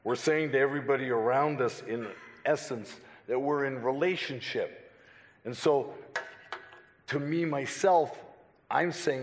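A man preaching a Sunday sermon, deliberate and emphatic, with rhetorical questions. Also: mid-range voice. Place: church sanctuary. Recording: long church reverb.

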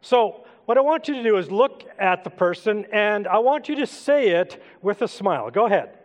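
A man's voice: sits high, sing-song, normal speed. A middle-aged man preaching an interactive sermon, casually coaxing the congregation to join in. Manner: conversational, coaxing the congregation to take part. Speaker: pastor. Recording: long hall reverb.

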